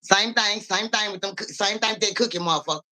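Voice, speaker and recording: A young woman live-streaming as a psychic reader, telling a story in animated, profane casual talk and speaking straight to her viewers. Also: mid-range voice, quick pace.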